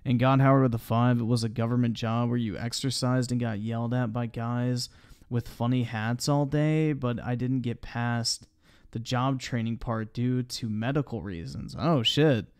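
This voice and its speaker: A man's voice: mid-range voice, fairly even intonation, moderate pace, a little mellow, clear, resonant tone, no echo, clean studio sound. A man commenting on a video during a live stream, mocking it sarcastically with heavy swearing and reading viewer chat aloud.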